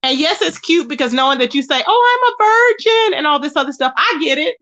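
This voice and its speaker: High bright-voiced woman ranting on a livestream. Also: fast, muffled recording. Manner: indignant, repetitive, calling out by name. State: tired. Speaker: livestream host. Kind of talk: ranting live stream commentary.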